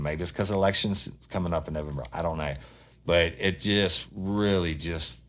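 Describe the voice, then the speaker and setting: A man's voice: sits low, a bit bright. A man hosting a true-crime podcast, telling the story in a blunt, profane, fired-up casual monologue.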